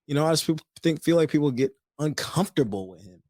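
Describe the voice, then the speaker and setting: A man's voice: fairly high pitch, expressive, fast, darkish tone, no room sound. A man co-hosting a podcast in casual chat, rambling and restarting his phrases as he looks for words. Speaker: podcast co-host.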